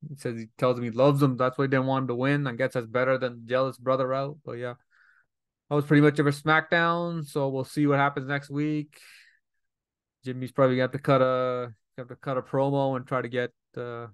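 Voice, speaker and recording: A man's voice: medium pitch, little pitch movement, a little fast, clear, resonant tone, dry recording, studio quality. A man giving a casual, rambling recap of a wrestling show, retelling each scene with paraphrased quotes and lots of fillers.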